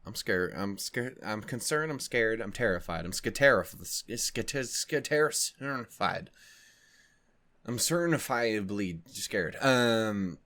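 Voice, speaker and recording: A man's voice: lowish voice, expressive, slow pace, a bit bright. A man hosting a reaction video in casual chat, rambling and joking, swearing freely with many fillers and restarts.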